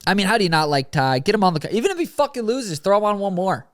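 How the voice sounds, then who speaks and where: A man's voice: sits high, animated, racing, no echo, studio quality. A man hosting a casual fight podcast, joking and swearing freely as he runs through the upcoming matchups with his guest. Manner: loose, profane, laughing banter. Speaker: podcast host.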